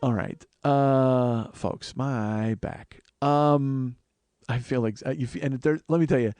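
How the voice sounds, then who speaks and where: A man's voice: mid-range voice, slow pace, a little mellow, smooth, dry recording. A man hosting a podcast, telling rambling, profane comic stories in a casual monologue. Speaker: podcast host.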